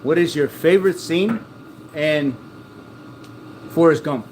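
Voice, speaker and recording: A vlogger chats casually, rambling from joke to joke and laughing at his own stories. His voice is a little high and a little mellow, and he speaks slowly. There's slight background noise.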